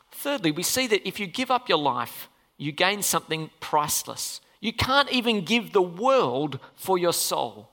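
A pastor preaching a sermon in a church hall, animated and full of questions for the congregation. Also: mid-range voice, measured pace, hardly any pauses. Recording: long reverb of a hall.

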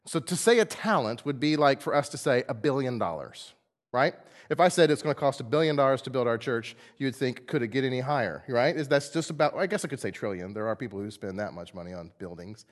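A man preaching a sermon in a church, playful and animated, acting out the quotes in comic voices. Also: mid-range voice, fairly quick. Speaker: pastor. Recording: long hall reverb.

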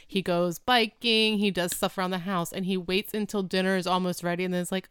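A woman's voice: fairly low pitch, fairly even intonation, brisk, a bit bright, smooth, no room sound. Chatty woman podcast co-host, dry mic. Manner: chatty, lots of "like" fillers. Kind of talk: casual chat recapping a sitcom.

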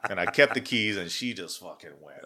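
A man in his forties co-hosts a casual podcast chat and tells a story with plenty of swearing. His voice sits low yet comes across bright, and it rises and falls a lot as he plays out the parts in his tale. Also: brisk, slightly rough. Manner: animated storyteller, acts out voices in quotes, swears freely. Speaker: podcast co-host.

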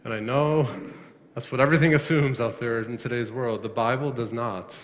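A pastor preaching a sermon, asking his congregation questions and rising sharply in pitch to stress a point. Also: steady tone, moderate pace. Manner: asks the congregation questions, rises sharply on emphasis. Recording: long reverb of a hall.

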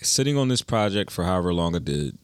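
Talking fast in a deep, smooth, sing-song voice with no room sound, a young man appears as a musician guest in an interview, telling stories in relaxed, slangy casual speech.

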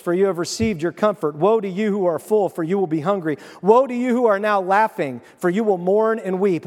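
A man pastor preaching a sermon, telling the story with animated asides and acted-out voices. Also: high-pitched, in a large hall.

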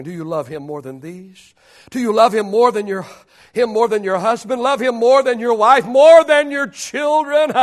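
A man preaching a sermon as pastor, repeating rhetorical questions, building to shouts and then dropping to a hush. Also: very high-pitched. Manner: preaching with rising shouts and sudden hushed drops.

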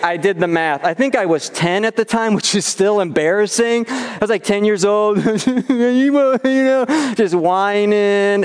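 A man's voice: high voice, clear, resonant tone. A young man preaching, reading scripture and then talking casually with stories from childhood. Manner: casual storytelling, acts out whiny child voices. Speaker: youth pastor. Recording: reverberant hall.

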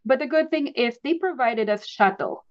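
Woman guest, lively storyteller with frequent restarts, recorded a bit muffled. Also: on the high side, normal speed, no room sound. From Philippines. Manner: animated, laughs often, frequent restarts. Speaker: podcast guest. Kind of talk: casual interview storytelling.

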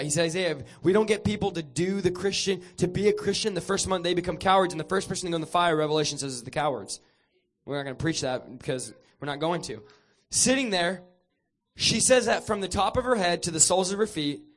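A young man preaching a revival sermon in church, moving from casual chat to shouted fervor. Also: sits high.

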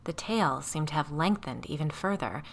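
A woman reading a first-person story aloud in a measured, tense storytelling manner. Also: low-pitched, expressive, a little hiss or hum. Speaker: audiobook narrator.

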